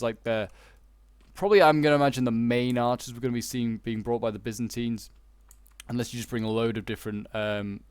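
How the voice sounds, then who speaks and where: Young Yorkshire man, casual game commentary, hesitant and rambling, crisp close-mic sound, dead dry room. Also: mid-range voice, a little mellow, dry recording. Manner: rambling, hesitant, many fillers and restarts. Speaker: gaming YouTuber.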